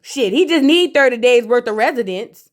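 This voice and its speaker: A woman's voice: fairly high pitch, animated, moderate pace. A woman giving a blunt, sassy, casual recap of a reality TV episode, throwing in mocking asides and slang.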